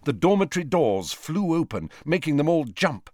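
A man reading a novel aloud as narrator, with expressive, varied delivery. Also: on the high side, normal speed, no room sound. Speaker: audiobook narrator. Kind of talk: scripted narration.

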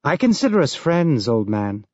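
A man's voice: on the high side, very animated, normal speed, a little mellow, no room sound. A man voicing a jovial, tall male police inspector on a space station, speaking in blunt, sardonic cop banter. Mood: wry. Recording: dull lo-fi dry recording.

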